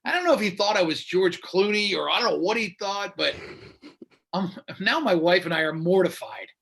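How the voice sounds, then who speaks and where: A man's voice: high voice, moderate pace, creaky, husky. A man, a radio host, telling a story in casual conversation and acting out the people he quotes. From United States. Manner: animated, acts out quoted voices. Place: Florida.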